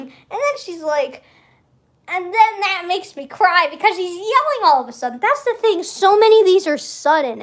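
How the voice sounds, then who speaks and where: A young woman chatting casually on a livestream, rambling, interrupting herself and giggling often. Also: high-pitched. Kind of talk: casual stream chat.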